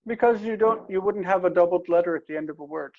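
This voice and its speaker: A man teaching a casual Hebrew grammar lesson, explaining step by step and repeating words slowly. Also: high voice. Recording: dull lo-fi recording.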